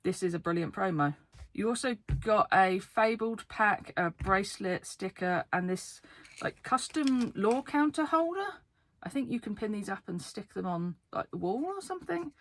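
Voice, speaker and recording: A woman card game YouTuber from the UK, talking fast and excitedly to camera in a casual vlog, laughing often. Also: medium pitch. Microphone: camera facing her.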